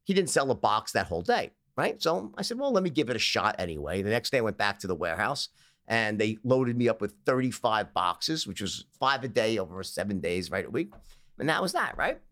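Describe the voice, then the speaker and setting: Animated American man telling stories. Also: lowish voice, brisk. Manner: lively, animated storyteller who acts out the people in his tales, laughing often. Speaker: guest. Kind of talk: storytelling in a casual interview.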